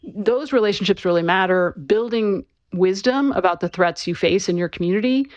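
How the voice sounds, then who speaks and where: A woman who is an author, giving conversational interview answers and explaining things clearly, with casual fillers. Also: medium pitch, moderate pace, no echo, highs cut off. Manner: conversational, clear, with frequent fillers like "you know" and "right".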